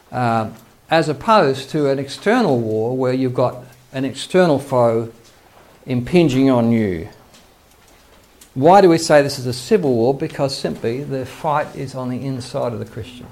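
An older man teaches a sermon as a pastor. His voice is gravelly and sits at an ordinary middle pitch. He preaches earnestly and quotes scripture as he goes. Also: normal speed, darkish tone.

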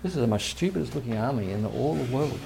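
A man's voice: mid-range voice, expressive, fast talker, creaky, mellow. A male pastor giving a conversational sermon, acting out quoted voices, with faint background noise.

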